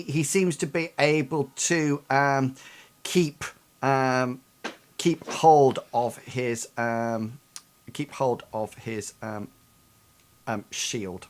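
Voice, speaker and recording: A man narrates a tabletop role-playing battle at a slow, measured pace. He pauses often, filling gaps with ums as he works out the action. His pitch sits in an ordinary middle range. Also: steady tone. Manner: hesitant, many ums while narrating. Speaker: game master.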